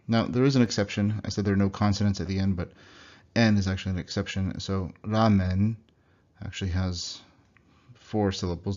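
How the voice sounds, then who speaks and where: A young man giving a recorded slide lesson, explaining sounds and repeating example words slowly. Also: low-pitched, steady tone, darkish tone. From United States. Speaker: language teacher. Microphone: computer mic. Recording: dull lo-fi computer recording.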